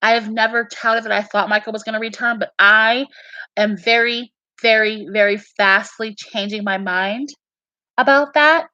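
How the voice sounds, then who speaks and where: A female fan talks earnestly and emphatically about her beliefs and dreams, repeating herself and restarting sentences in casual conversation. Her voice is on the high side, sharp in tone, with fairly even intonation and a normal pace, captured in a muffled recording without echo.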